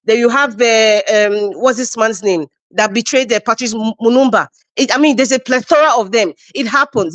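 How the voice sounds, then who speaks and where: A woman's voice: on the high side, a bit bright, dry recording. A woman hosting a live-stream commentary show, speaking with passion and repeating phrases for emphasis.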